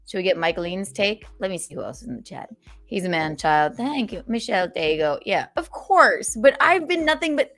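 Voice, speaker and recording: A woman hosting a casual livestream podcast, reading super chats aloud and venting sarcastically, swearing freely and swinging from loud outbursts to low mutters. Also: expressive, normal speed, soft background music. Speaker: streamer and podcast host.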